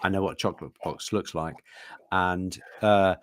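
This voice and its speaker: A man's voice: deep voice, fairly even intonation, moderate pace, dry recording. A man co-hosting a casual live show, talking in a rambling, joking, self-mocking way. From England. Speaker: co-host.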